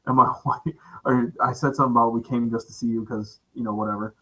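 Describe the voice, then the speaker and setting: A man telling a concert story in casual chat, relaxed, with many "uh" fillers. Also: mid-range voice, quick pace, breathy edge, poor audio.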